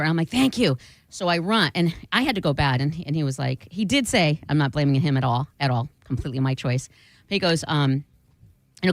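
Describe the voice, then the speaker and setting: A woman co-hosting a radio show, telling a story in casual banter and acting out quotes with big jumps in pitch. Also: quick pace, no echo. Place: radio studio. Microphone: studio microphone.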